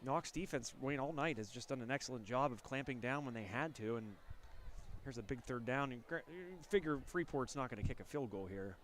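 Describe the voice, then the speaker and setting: A man with a stuffy nose and nasal voice calling high school football play-by-play, getting louder on big plays. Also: brisk. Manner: energetic play calls, rising on big plays. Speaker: play-by-play announcer.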